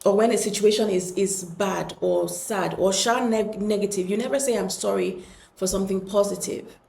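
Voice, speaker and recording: A woman hosting a podcast, speaking earnestly and gently in a reflective solo talk, with many pauses and restarts. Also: medium pitch, creaky, echoey room. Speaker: podcast host.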